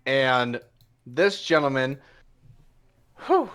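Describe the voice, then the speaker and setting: A man's voice: medium pitch, sing-song, extremely slow, a bit bright, smooth. A man narrating a tabletop game as game master, telling the scene in a loose, hesitant way with many fillers.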